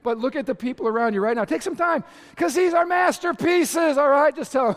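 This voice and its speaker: A male pastor preaches to his congregation in a high, bright-sounding voice. He talks with energy, driving his points home, sometimes shouting, and slips in playful asides. His voice rings with the long reverb of a large church hall. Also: lively intonation, a little fast. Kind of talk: sermon.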